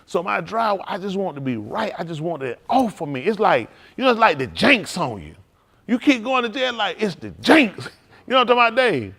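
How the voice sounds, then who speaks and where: A man preaching at a congregational service with a raised voice that leaps widely in pitch. He delivers an informal testimony-style sermon, animated and quick to laugh. He speaks directly and frankly to the people in front of him. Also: creaky. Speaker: pastor. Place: synagogue service.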